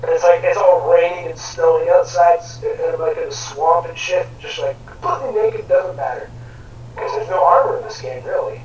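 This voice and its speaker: A man's voice: on the high side, fairly quick, a little mellow, muffled recording. Crude ranting gamer man, echoey room. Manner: crude, swearing, rambling ranting. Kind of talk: casual gaming chat. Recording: echoey room, distant mic, faint noise.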